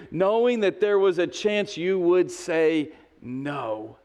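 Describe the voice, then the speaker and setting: A man's voice: on the high side, darkish tone. Snarky fifty-year-old man preaching. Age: 50s. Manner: snarky, conversational storytelling with quoted voices. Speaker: pastor. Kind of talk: sermon.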